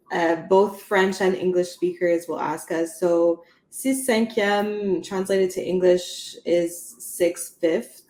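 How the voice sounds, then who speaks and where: Slow, measured woman explaining. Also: fairly low pitch, dark tone, roomy sound. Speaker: agency co-founder. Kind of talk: casual interview.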